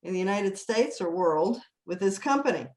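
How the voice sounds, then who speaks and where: A woman's voice: medium pitch, lively intonation, moderate pace, darkish tone. Earnest woman in an echoey room. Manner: earnest, encouraging. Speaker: management team member. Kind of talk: meeting remarks.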